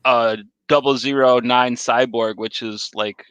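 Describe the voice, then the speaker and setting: A man in his late thirties chatting casually as co-host, profane and animated as he tells stories and laughs. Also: medium pitch, a little slow, clean tone, dry recording, lo-fi sound. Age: 30s. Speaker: podcast co-host. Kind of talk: casual chat.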